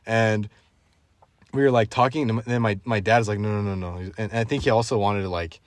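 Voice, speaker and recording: A man's voice: lowish voice, a little fast, dry recording. Young man telling a story with laughs. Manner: animated storytelling, laughing often. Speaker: podcast host. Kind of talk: casual chat.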